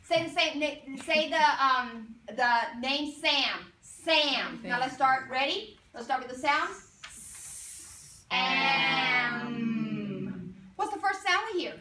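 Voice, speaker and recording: A woman teaching a phonics lesson to young children, sounding out words slowly and asking coaxing questions. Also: high voice, bright, forceful tone. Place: classroom. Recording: roomy classroom from far off, faint noise.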